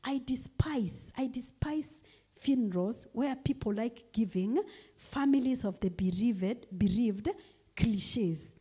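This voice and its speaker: A woman's voice: fairly high pitch, lively intonation, unhurried, warm tone, breathy edge. A woman with a Kenyan accent preaching a sermon in church, emphatic and repeating her key phrases. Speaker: guest preacher.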